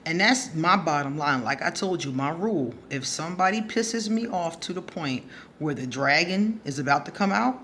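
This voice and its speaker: Answering a subscriber, this woman vlogs advice through a casual story, speaking bluntly, swearing, and laughing often. Her voice is low with lively intonation and a fairly bright tone, at a moderate pace. Slight background noise can be heard.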